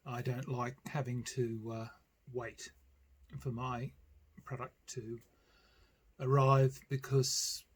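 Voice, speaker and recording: A man's voice: medium pitch, level tone, takes it slowly, pauses often, slightly rough. An older Australian man chatting casually in a rambling, self-deprecating way on his board game vlog. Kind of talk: casual chat.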